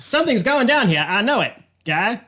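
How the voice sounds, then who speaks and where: A man's voice: sits high, sing-song, normal speed, sharp tone, slight background noise, heavily acted. A man voicing a boastful male Canadian hero toy in an exaggerated cartoon Canadian accent, calling people "guy.". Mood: alarmed. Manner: cocky, says "guy" a lot.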